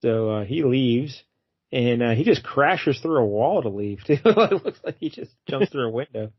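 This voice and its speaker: A man's voice: medium pitch, expressive, normal speed, husky, dry recording, highs cut off. A man co-hosting a casual comic book review show, laid-back and laughing often as he recaps the story. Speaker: podcast co-host.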